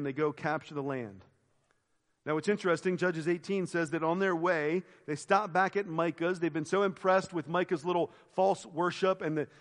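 A male pastor delivers a sermon in a church sanctuary, with a voice that sits a little above the usual male pitch. He tells the story vividly, acting out quoted lines and sinking into hushed reflection. The hall's long reverb rings behind his words.

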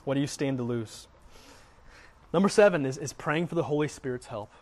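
A man's voice: mid-range voice, lively intonation, brisk, a little mellow. A middle-aged man teaching earnestly on faith, often repeating words as he speaks. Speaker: Christian teacher.

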